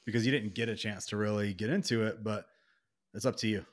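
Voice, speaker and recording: A man's voice: on the low side, steady tone, fast. A man hosting a casual podcast, easygoing as he steers the talk to the next topic. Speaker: podcast host. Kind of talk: casual chat.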